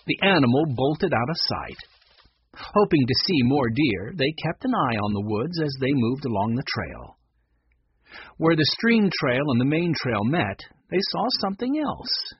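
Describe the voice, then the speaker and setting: A man narrating a children's storybook with a lively, expressive reading. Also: mid-range voice, measured pace, husky, dry recording, dull audio.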